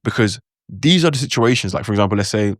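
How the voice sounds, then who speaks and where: A man's voice: fairly low pitch, lively intonation, fast, dry recording, studio quality. A man giving a casual spoken lesson on language learning, loose and chatty, full of asides and acted-out reactions. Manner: acts out his own reactions in quotes.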